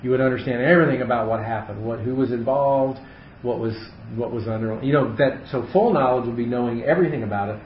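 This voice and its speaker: A man's voice: mid-range voice, quick pace, slight background noise. A man leading a casual Bible study for a small group, thinking aloud with frequent fillers and restarts. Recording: echoey room, muffled audio.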